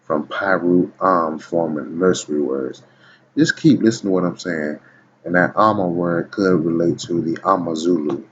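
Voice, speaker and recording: A man's voice: low-pitched, normal speed. A man reading dictionary entries aloud in a casual video, stopping often to tell the listener to watch and keep listening. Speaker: video blogger. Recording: dull lo-fi recording with faint background noise.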